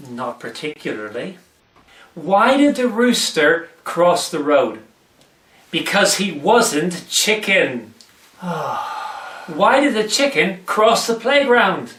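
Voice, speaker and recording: Man, comic church video host, bright voice, recorded off mic in an echoey room. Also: high voice, big pitch swings, slow, far from the mic. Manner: plays both joke-teller and weary skeptic. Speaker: church presenter.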